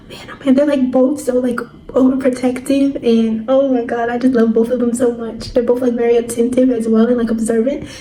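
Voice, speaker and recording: A young woman chatting excitedly in a reading vlog, gushing and filling her talk with "like.". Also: on the high side. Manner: excitable, gushing, drawn-out "like" fillers. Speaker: book vlogger. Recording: echoey room, faint background noise.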